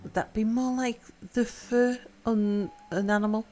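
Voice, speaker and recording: A woman live-streams a game in a slightly high, dark-toned voice with fairly even intonation and an unhurried pace. She chats casually, reads the chat aloud, and plays with pronunciation, with faint music in the background.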